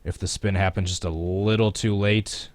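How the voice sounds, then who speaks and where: A man's voice: low-pitched, fairly even intonation, moderate pace, no room sound. A man casually commentating his racing game on a live stream, chatting with viewers and chuckling as he plays. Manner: chatty, chuckling, talks to chat while playing.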